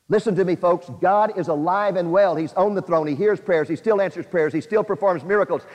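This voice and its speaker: A man's voice: high-pitched, darkish tone. A man preaching a sermon and retelling a testimony with earnest emotional swells. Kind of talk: sermon storytelling. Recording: dull lo-fi audio in a reverberant hall.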